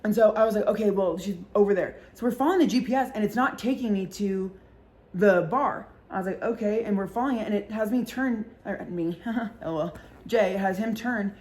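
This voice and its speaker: A woman's voice: mid-range voice, darkish tone. A woman in a mid-range voice tells a story in a loose, chatty ramble. She swears freely and fills her talk with fillers. She slips into other people's voices when she quotes them. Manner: acts out voices in quoted dialogue. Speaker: vlogger. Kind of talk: casual storytime chat.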